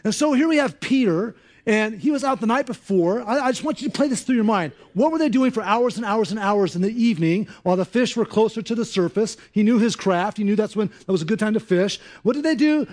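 A man preaching a sermon in an animated, conversational way, acting out voices. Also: high-pitched, a little fast. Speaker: pastor.

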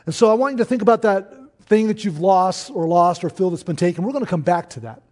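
A man preaching a sermon to his church, in an earnest, conversational way with pauses. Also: high voice, animated, darkish tone. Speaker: pastor.

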